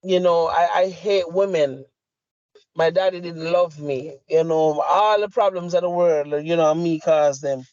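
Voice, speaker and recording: A man's voice: a little high, fairly even intonation, a little slow, a little mellow, dry recording. A middle-aged man with a Jamaican accent, a podcast co-host delivering a heated, profane, emphatic rant. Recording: dry, slightly muffled lo-fi audio.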